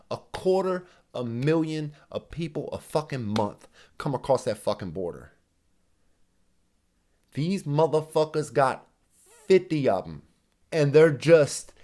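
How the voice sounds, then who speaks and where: A man rants sarcastically through a reaction video, swearing at every turn. His voice sits a bit high and leaps all over the place as he mocks people by mimicking them. The energy stays heated and scornful throughout. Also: big pitch swings, a little slow, mellow. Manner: mimics others in exaggerated voices. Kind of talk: profane ranting commentary.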